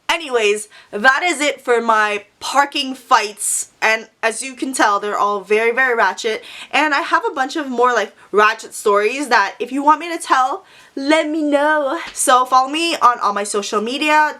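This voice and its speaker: A woman telling a storytime vlog in a sassy, profane, animated manner. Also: a little high. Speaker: vlogger.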